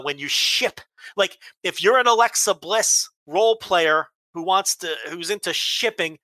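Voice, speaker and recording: A man's voice: high-pitched, bright, forceful tone, no echo. A man hosting a wrestling podcast, ranting bluntly with heavy swearing and exasperation. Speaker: podcast host. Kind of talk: casual chat, ranting.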